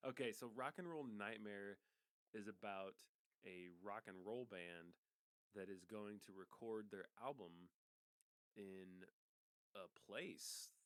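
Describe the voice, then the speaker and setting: A man with a low, smooth voice talks through a movie's plot in a relaxed, easygoing way, laughing often. He is recorded close and dry. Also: takes it slowly, no echo. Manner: laughs easily, relaxed storytelling. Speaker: podcast co-host. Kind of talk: casual movie review chat.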